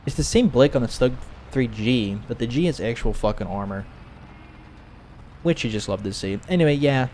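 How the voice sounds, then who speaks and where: A man's voice: medium pitch, expressive, moderate pace, a little mellow, a little hiss or hum. Casting: man streaming a game, casual profane storyteller, mid-range voice, rambling and joking. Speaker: gaming streamer. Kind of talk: casual gaming commentary with storytelling.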